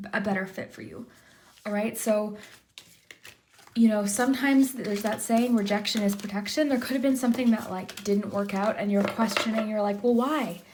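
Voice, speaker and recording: A woman giving a monthly tarot reading in a gentle, reassuring way, often repeating her encouragement. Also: fairly high pitch. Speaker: tarot reader.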